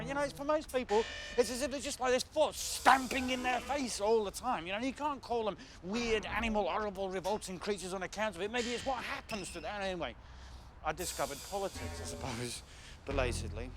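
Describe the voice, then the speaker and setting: A middle-aged man telling a rambling, animated story as an open mic performer. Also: sits high, a little fast, background noise. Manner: rambling, animated, acts out shouting strangers. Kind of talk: stand-up storytelling monologue.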